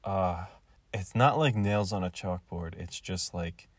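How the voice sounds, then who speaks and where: A man's voice: deep voice, unhurried, slightly rough, no echo. A man casually recapping and reviewing an episode, rambling with lots of filler words. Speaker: video reviewer.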